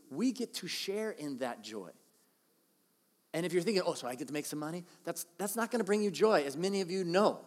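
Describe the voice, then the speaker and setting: A middle-aged man preaching a sermon in a casual, conversational way, acting out quoted lines with lively shifts of voice. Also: fairly high pitch, long reverb tail. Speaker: pastor.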